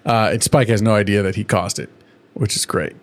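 A man's voice: fairly low pitch, steady tone, a little fast. A man co-hosting a podcast in casual chat, swearing freely and acting out characters in raised voices. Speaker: podcast co-host.

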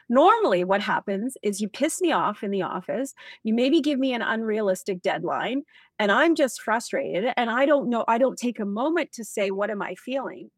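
A woman speaking as a leadership expert in an interview, energetic and acting out example dialogue as she explains. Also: fairly high pitch, no room sound. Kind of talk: animated interview talk.

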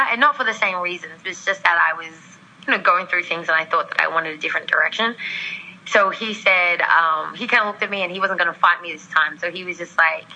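A very bright, sharp-toned woman from Australia tells a personal story as a podcast guest. She acts out the voices of the people in it and laughs as she goes. Her voice has a thin, phone-like quality. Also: on the low side. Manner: animated, acts out quoted voices, laughs often.

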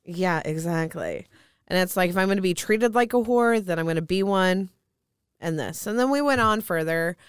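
A woman's voice: fairly low pitch, animated, normal speed, clear, resonant tone, no echo, studio quality. A woman speaking as a spiritual reader, telling stories candidly in casual chat and swearing freely. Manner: candid storytelling with frequent swearing. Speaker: spiritual reader, podcast guest.

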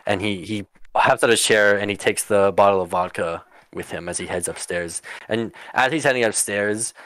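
Low-voiced man narrating a tabletop game. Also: moderate pace, fairly bright tone, no echo. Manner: rambling with many fillers and swearing. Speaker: game master.

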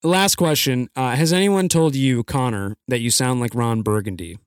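A man's voice: mid-range voice, moderate pace, background noise. A man from the Midwest with a General American accent, co-hosting a podcast in a jokey, announcer-like way, enunciating carefully. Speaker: podcast co-host. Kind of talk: casual chat.

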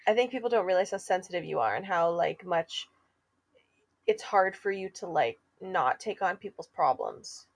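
A woman's voice: on the low side, animated, moderate pace, creaky. A young woman co-hosting a casual chat with a friend, playful and self-mocking, laughing often as she talks. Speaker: co-host.

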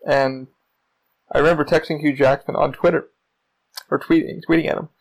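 A man hosting his own podcast, telling stories in a casual solo monologue, rambling and excitable and swearing often. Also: on the high side, normal speed, vocal fry, low-quality recording. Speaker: podcast host.

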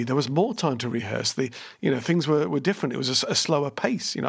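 A man's voice: on the high side, gravelly, breathy edge. A man interviewing a guest, asking friendly, rambling questions.

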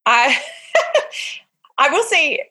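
A middle-aged woman with a slightly higher-pitched voice chats as an interview guest, filling her speech with little fillers and restarts. She slips into acted-out quotes as she tells stories in a lively, conversational way. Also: very slow. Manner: animated storyteller, acts out quoted voices, frequent fillers. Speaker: guest, summer camp director.

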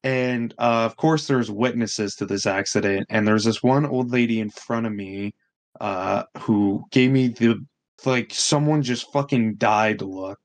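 Speaking on the low side and a bit slowly, this podcast co-host, a young man, recounts a story with lots of swearing. He animates it by performing the quotes of the people involved.

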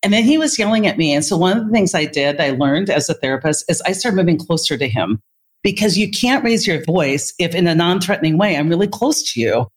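A woman with a slightly low voice speaks as an interview guest. She tells her stories with energy and acts out quoted dialogue, and her pitch jumps up when she plays other people. She sounds confident and talkative. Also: fairly quick. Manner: animated storyteller who acts out quoted dialogue. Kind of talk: storytelling in conversation.

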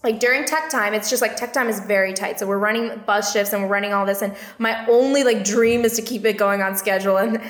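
A woman with a raspy voice, short on sleep, chatting casually as a competition director and telling animated stories. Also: mid-range voice, fast talker, few pauses. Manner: animated storyteller, laughs often. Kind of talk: casual chat. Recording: roomy echo.

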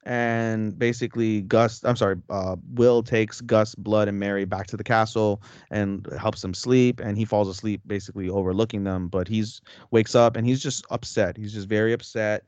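A man's voice: fairly low pitch, fairly even intonation, normal speed, few pauses, darkish tone, smooth, no echo, dull audio. A man co-hosting a podcast, recapping a story in a rambling, slangy way with heavy swearing. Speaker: podcast co-host. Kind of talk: casual recap chat.

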